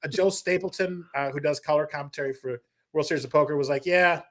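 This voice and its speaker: A man, a comedian guest on a podcast, telling stories in a lively, casual way and breaking into impressions. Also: on the high side, fast. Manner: animated storyteller, slips into impressions. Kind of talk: casual interview storytelling.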